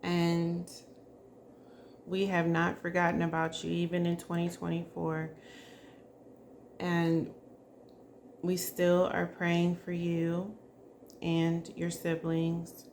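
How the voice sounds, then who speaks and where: A woman doing a psychic spirit reading, speaking softly and emotionally and addressing the spirit directly. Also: on the low side, monotone, takes it slowly, pauses often, a little hiss or hum. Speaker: psychic reader.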